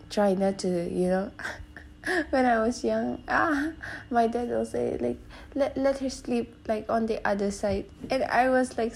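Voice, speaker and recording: A young woman talks through a solo podcast in a loose, rambling way, full of fillers, sometimes sinking to a near whisper. Her voice is mellow and warm, at a middle pitch. A faint hiss sits under the recording. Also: vocal fry. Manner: rambling, many fillers, drops into a soft whisper at times. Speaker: podcast host. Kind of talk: casual solo podcast storytelling.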